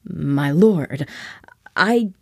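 A woman voicing a flustered male hornet-man official who speaks in a hushed, deferential way. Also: deep voice, animated, drawn-out words, vocal fry, breathy edge, no room sound, studio quality, full character voice. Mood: nervous.

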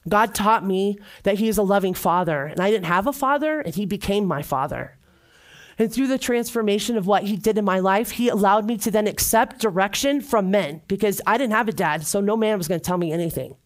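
A woman's voice: medium pitch, a little fast. A middle-aged woman giving a heartfelt personal testimony at a church gathering, speaking earnestly and repeating phrases for emphasis.

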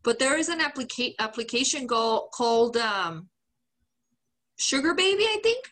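A woman's voice: high-pitched, very animated, moderate pace, a bit bright, low-quality recording. A woman co-hosting a podcast, telling a story in casual chat, swearing and laughing often. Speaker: podcast co-host.

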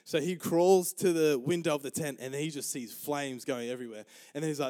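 Animated young man telling a sermon story. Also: on the high side, a little fast, few pauses. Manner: animated, acts out quotes, laughs often. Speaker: pastor. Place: church auditorium.

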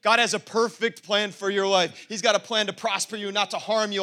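A man preaching a sermon as pastor of a church, playful and quick to laugh, building up to fervent calls. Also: high-pitched, fairly even intonation, bright, forceful tone.

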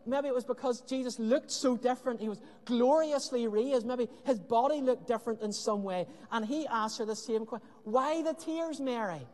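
Earnest male preacher in a reverberant hall. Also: very high voice. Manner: earnest, dramatic pauses, soft dips into hushed emphasis. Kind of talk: sermon.

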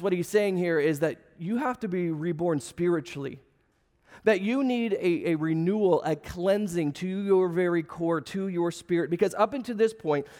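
A man's voice: high-pitched, a little mellow, big-room sound. A young adult man, a pastor losing his voice, preaching a sermon at a church service in a casual, joking, conversational way.

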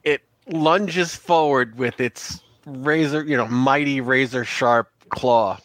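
A man's voice: medium pitch, takes it slowly, fairly bright tone, no room sound. A man running a tabletop horror game as game master, giving casual, matter-of-fact rulings.

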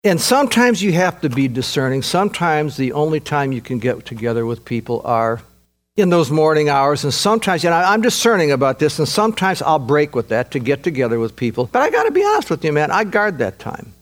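A man's voice: fairly high pitch, animated, fairly quick. A man preaching a sermon in an earnest, emphatic way, often repeating himself. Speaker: pastor.

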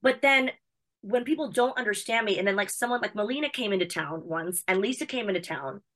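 Bubbly American woman guest, talks fast and chatty, excitable. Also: medium pitch. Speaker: interview guest, wrestling personality. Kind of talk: casual chat.

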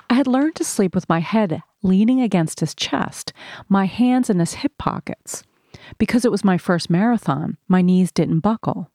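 Woman reading her memoir, kinda low voice, earnest and steady, dry no room sound. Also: dry recording. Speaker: narrator. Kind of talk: first-person memoir read aloud.

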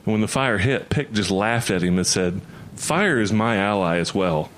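A male player tells stories and checks the rules in a casual, easygoing manner. His voice sits low, with faint background noise. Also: lively intonation, normal speed, a bit bright. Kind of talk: in-character storytelling in a tabletop game.

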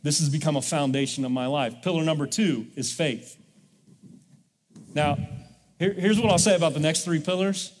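A man's voice: on the high side, moderate pace, long pauses, long reverb tail, a little hiss or hum. A male pastor preaching a sermon in a church, leading the congregation in call-and-response. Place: church sanctuary.

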